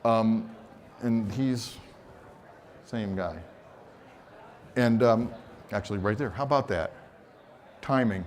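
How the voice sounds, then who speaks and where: This man's voice sits low, and he takes his time, leaving long pauses. He's presenting a spirited live photography seminar at a conference, acting out quotes and spinning stories with a teasing sense of humor.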